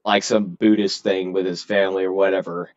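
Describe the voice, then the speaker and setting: A man's voice: sits low, level tone, a little fast. A man who is a soldier, chatting casually and telling stories in a rambling, hesitant way. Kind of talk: casual chat. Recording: dull lo-fi audio.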